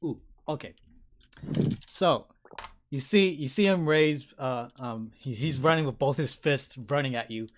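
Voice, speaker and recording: A man's voice: mid-range voice, a little slow. Man narrating a tabletop battle. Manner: lively play-by-play narration, sound effects, casual swearing. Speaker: dungeon master.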